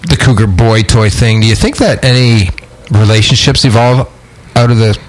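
A man co-hosting a podcast in casual chat, joking and laid-back, halting with fillers. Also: on the low side, expressive, rough recording. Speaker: podcast co-host. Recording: online call connection.

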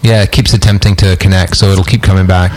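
Male podcast co-host, easygoing and wisecracking, lower register. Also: steady tone, a little mellow, rough recording. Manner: joking, laid-back, halting with fillers. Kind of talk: casual chat. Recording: online call connection.

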